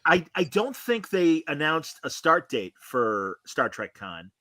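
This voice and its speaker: Bright-voiced opinionated male host. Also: fairly high pitch, very animated, slow pace, dry recording. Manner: opinionated and rambling, with many fillers. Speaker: podcast host. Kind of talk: casual review chat.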